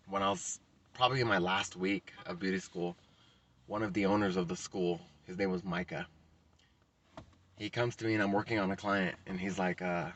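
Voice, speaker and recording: A young man tells a casual story in a fairly low voice. He talks loosely and swears often, with lots of fillers, as a hairstylist vlogging about his training. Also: a bit bright. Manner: casual and profane, with many likes.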